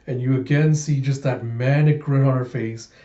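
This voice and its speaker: Dark-voiced man reading a comic aloud. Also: medium pitch, normal speed. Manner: casual, animated storytelling. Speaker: comic readthrough host. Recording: echoey room, dull lo-fi sound.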